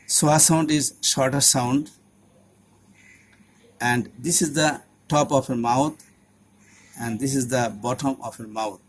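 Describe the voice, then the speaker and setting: A man teaching English pronunciation, deliberately repeating sounds and words one by one. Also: medium pitch, steady tone. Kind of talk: instructional lesson.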